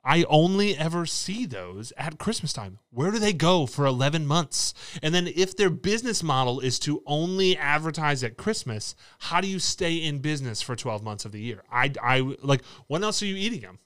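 Smooth-voiced man, playful chat. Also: fairly high pitch, expressive, moderate pace, few pauses, a bit bright, dry recording. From United States. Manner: playful, laughing, rambling. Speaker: podcast co-host. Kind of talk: casual chat. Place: table indoors with cameras.

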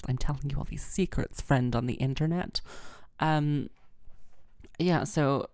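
A woman hosting a casual solo podcast, chatty and self-mocking, rambling with lots of fillers and a heavy vocal fry. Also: very deep voice, expressive, moderate pace, a little mellow, dry recording, clean studio sound. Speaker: harpist and podcast host.

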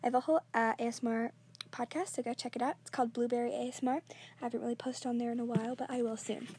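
A woman's voice: fairly high pitch, steady tone, very fast, a little mellow, husky. A young woman hosting a podcast, casually reading out listener comments and answering them in a chatty, self-deprecating way, sometimes dropping into a whisper. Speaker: podcast host. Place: home room with vacuum running nearby. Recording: faint household background noise. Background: faint vacuum noise.

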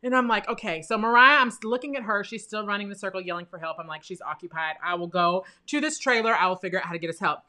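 A young woman telling a personal story in a lively way, laughing often and acting out what people said. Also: mid-range voice, fast talker, hardly any pauses. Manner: animated, laughing often, acts out quoted voices.

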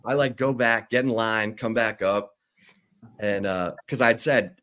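Male sports radio host, lower voice, lively anecdotal storyteller. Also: moderate pace. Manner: animated storyteller, acts out quotes. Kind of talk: casual chat.

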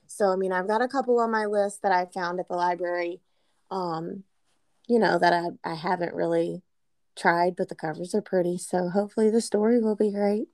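A woman's voice: on the low side, moderate pace. A woman in her thirties co-hosting a casual book podcast, telling stories and acting out quotes. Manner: animated storyteller, acts out quotes. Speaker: podcast co-host. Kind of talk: casual chat.

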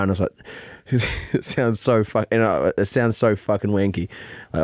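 A man's voice: medium pitch, fairly even intonation, quick pace, a little mellow, no echo, clean studio sound. A young man co-hosting a podcast, telling a rambling, sweary story in casual chat. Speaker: podcast co-host.

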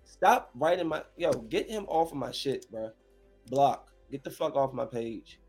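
A man's voice: mid-range voice, animated, unhurried, a little mellow, soft background music. A man in his thirties, a streamer, delivering a heated, profane, confrontational rant to his viewers. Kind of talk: angry rant to camera.

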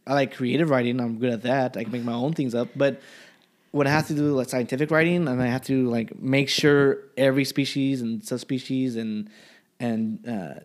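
A young man, a college student, in a rambling, profane casual chat. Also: mid-range voice. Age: young adult.

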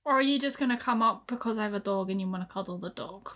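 A woman's voice: medium pitch, quick pace, a bit bright. A young Scottish woman co-hosting a podcast, chatting casually and laughing often. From Scotland. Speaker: podcast co-host. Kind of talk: casual chat.

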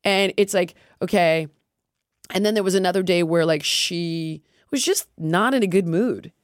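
Animated middle-aged woman, candid chat. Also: on the low side, normal speed, no room sound, studio quality. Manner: animated, quotes herself and others in lively put-on voices, swears freely. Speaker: podcast host.

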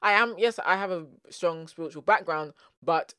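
A young adult vlogger with a South London accent, talking to the camera in a chatty, animated way, laughing often and wandering into asides. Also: mid-range voice, normal speed, clear, resonant tone, dry recording, studio quality. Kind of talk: casual vlog monologue.

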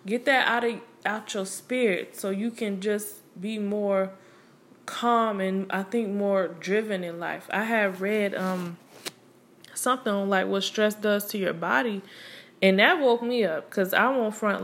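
A woman's voice: mid-range voice, a little slow, fairly bright tone. Blunt young woman speaking her mind. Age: young adult. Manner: candid, blunt, and streetwise, with frequent profanity; conversational, with many fillers like "you know" and "like". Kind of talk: casual opinion monologue.

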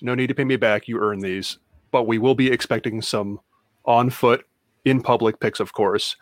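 A man's voice: mid-range voice, fairly even intonation, moderate pace, no room sound, clean studio sound. Teasing man handing out a joke award. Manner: teasing, mock-ceremonial award speech. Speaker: podcast co-host. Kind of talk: casual sneaker podcast chat.

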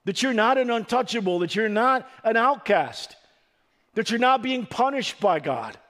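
A man giving a sermon as pastor, earnest and emphatic, his delivery swelling and then dropping low, with the odd stumbling restart. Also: animated, normal speed, a bit bright.

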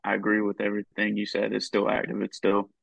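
A man co-hosting a podcast, speaking in a hesitant, halting way with a gravelly voice. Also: on the low side, completely flat delivery, a bit bright, dry recording. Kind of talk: casual conversational discussion. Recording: dull lo-fi dry sound.

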